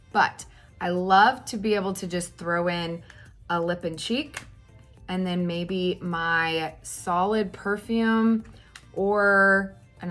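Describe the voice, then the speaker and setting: A woman in her thirties chatting casually through a makeup tutorial at home, animated, with fillers and exclamations. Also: on the low side. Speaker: makeup vlogger.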